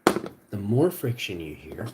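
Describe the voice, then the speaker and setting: A man hosting a casual live cooking stream, talking to his chat in a boastful, excitable way with plenty of swearing. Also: fairly low pitch, slow pace, very noisy.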